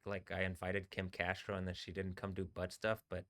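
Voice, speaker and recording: A man's voice: low-pitched, monotone, normal speed, a bit bright. A man hosting a live stream, rambling casually with many fillers and bursts of laughter.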